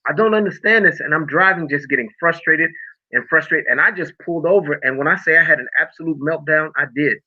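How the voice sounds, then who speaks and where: A man's voice: a little high, brisk. A middle-aged man telling a personal story of faith and healing in a podcast conversation, emotional and preacher-like. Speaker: podcast guest. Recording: tinny phone-like audio.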